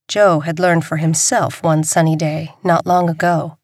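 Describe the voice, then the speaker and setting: Woman narrating a thriller, lowish voice. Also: flat delivery, a little slow, hardly any pauses, no echo, studio quality. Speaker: audiobook narrator. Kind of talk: scripted narration.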